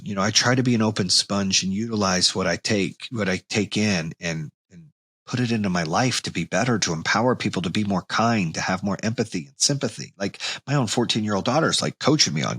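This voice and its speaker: Husky blunt-talking man. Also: lowish voice, brisk, dry recording. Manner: blunt, swears casually, animated when reenacting anger. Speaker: podcast host. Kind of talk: motivational monologue.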